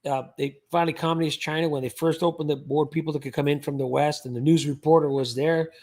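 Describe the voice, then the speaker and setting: A man's voice: a little high, fairly even intonation, quick pace, darkish tone. A man hosting a livestream, chatting casually in a rambling way with frequent restarts. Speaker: livestream host.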